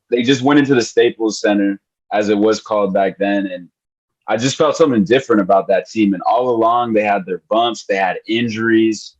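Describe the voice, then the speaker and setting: A man with a low voice talks in excited, emotional bursts about his team. He repeats himself and throws in bro and man constantly, like casual podcast chat. His sound comes through dull and lo-fi, as if over a remote call. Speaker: podcast co-host.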